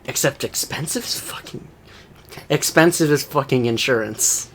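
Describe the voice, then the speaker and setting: A young man co-hosting a casual podcast, swearing freely and laughing through his stories. His voice sits at an ordinary middle pitch, and he fills his pauses with plenty of uhs and likes. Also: a bit bright, slight background noise. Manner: profane, laughs often, hesitant fillers. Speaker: podcast co-host. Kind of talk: casual crude banter.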